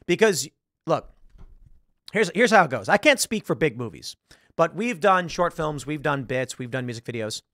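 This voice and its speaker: This man hosts a laid-back talk show and podcast, wandering through movie talk while browsing online and acting out dialogue. His voice sits on the high side, very animated and fairly bright, at a normal speed, in dry studio-quality audio.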